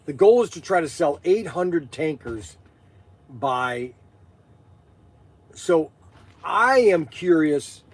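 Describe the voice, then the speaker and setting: A man's voice: on the high side, sing-song, slow pace, long pauses, slightly rough. A man hosting a casual livestream, chatting in a rambling way with lots of fillers and restarts. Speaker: livestream host selling collectible toys.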